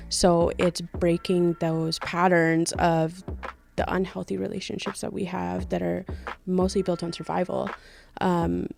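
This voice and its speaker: A woman's voice: on the low side, creaky, darkish tone. A woman on a radio panel, speaking earnestly and reflectively as a support worker.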